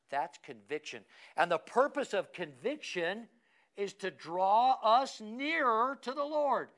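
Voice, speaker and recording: A man's voice: high-pitched, animated, takes it slowly, a bit bright. A man preaching a teaching sermon, who asks his class questions and calls on members by name. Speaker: pastor.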